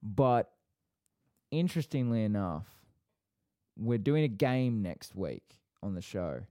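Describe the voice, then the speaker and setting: Low, mellow-voiced male podcast host. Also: very animated, no echo, clean studio sound. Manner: fast, rambling, with frequent fillers and asides. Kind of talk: casual podcast chat.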